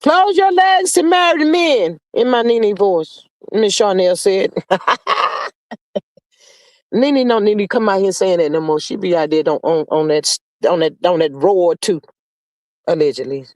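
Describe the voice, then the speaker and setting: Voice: mid-range voice, measured pace, long pauses, darkish tone. A sassy live stream host chatting gossip and reading viewer comments, drawling out pet names between playful hums. The voice sits in a middle register and sounds dry and close, with no room echo. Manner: sassy and drawling, full of "child" and "honey" asides; playful, with sing-song hums and laughs.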